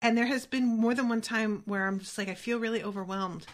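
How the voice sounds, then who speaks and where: A woman co-hosting a podcast, alternating between reading a book aloud and casual, animated, rambling chat with casual swearing. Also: a little high, a little fast. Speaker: podcast co-host.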